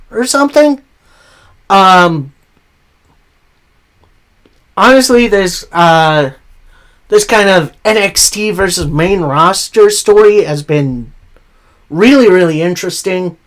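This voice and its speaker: A man hosting a casual weekly wrestling recap, retelling the action play by play with frequent filler pauses. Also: high voice, expressive, a bit bright. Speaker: wrestling show recap host.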